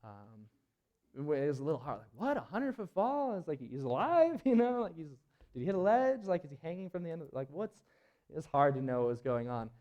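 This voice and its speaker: A man's voice: a little high, big pitch swings, fairly quick, mellow, lo-fi sound. A young man telling a climbing story to a live audience in an auditorium, rambling and laughing, full of filler words. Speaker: presenter at a climbing event.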